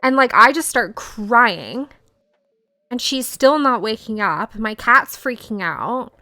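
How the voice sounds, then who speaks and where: A woman's voice: fairly high pitch, lively intonation, slow, pushed and bright, dry recording, studio quality. A young woman streamer telling a story in casual live-stream chat, full of "like" fillers. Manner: chatty storytelling, frequent "like" fillers.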